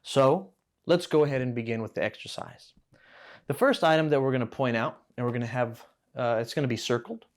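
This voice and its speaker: A man's voice: medium pitch, fairly quick. Casual male Arabic teacher. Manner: casual, explains step by step and quizzes the listener, self-corrects. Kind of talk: relaxed spoken lesson.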